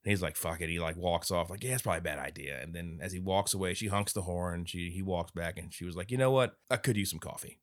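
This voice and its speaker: A man co-hosting a podcast, retelling a film plot in casual chat, swearing and acting out quick quotes. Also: low-pitched, no echo, clean studio sound. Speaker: podcast co-host. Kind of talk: casual movie review chat.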